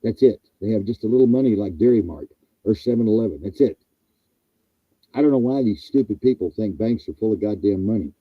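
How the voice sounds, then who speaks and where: A man's voice: fairly low pitch, lively intonation, a little fast, breathy edge, no echo. A man hosting a talk show, delivering an angry, profane, emphatic rant over a muffled line. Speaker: show host. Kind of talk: ranting talk-show monologue.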